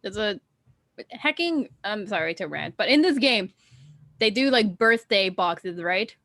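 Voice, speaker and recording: A woman chatting casually with friends, rambling and filling her sentences with "like." Her voice sits at a middle pitch and sounds dry and close. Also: expressive, measured pace, fairly bright tone, no room sound. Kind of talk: casual chat.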